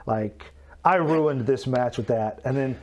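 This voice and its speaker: A man's voice: medium pitch, measured pace, slight background noise. A man giving casual commentary on old wrestling footage, candid and self-critical, swearing freely. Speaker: show host.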